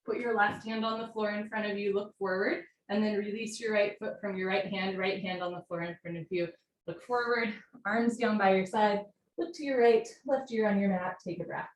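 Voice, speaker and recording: A young woman teaching a live yoga class, giving brisk step-by-step cues and getting breathy as she does the poses along with the class. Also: medium pitch, fairly even intonation. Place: room at home, live video call. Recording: roomy sound from far off the mic, faint hiss.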